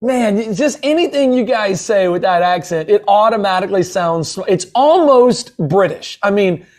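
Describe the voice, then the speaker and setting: A man hosts a webinar in a notably high voice. He is eager and effusive, and his praise tumbles out with plenty of "uh"s. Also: normal speed, a little mellow. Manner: eager and effusive, with many fillers. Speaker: webinar host. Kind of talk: upbeat guest introduction.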